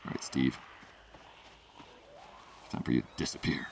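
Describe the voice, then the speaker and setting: A man's voice: normal speed, far from the mic, slight background noise. A man streaming a game, chatting and joking with his chat as he plays. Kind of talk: casual gameplay commentary. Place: room at home.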